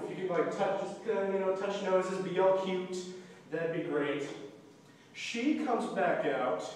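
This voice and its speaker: A student play director, a young man with a high, slightly mellow voice, casually explains stage blocking. He sings the music cues and acts out the lines. The hall is echoey, the mic distant, with faint noise.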